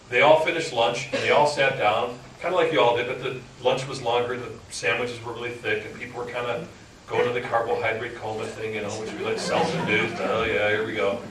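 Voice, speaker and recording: Joking radio host talking to a crowd in an echoey room. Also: male voice, mid-range voice. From Upper Michigan. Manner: frank, joking, animated storyteller. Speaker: talk radio host giving a talk. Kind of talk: motivational talk to a live audience. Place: indoor meeting room with audience. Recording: echoey room, far from mic, noisy.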